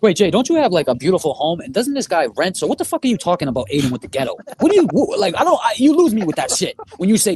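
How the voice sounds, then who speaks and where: This is a man, co-hosting a livestream, scornful and profane. His voice is husky, and his pitch swings widely. He talks quickly. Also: sing-song, a little mellow. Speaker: podcast co-host. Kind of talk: heated livestream rant.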